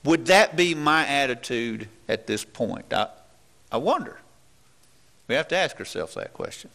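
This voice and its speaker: Earnest bright-voiced male preacher. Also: mid-range voice, expressive, a little slow, vocal fry. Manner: earnest, questioning, with many restarts. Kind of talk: sermon.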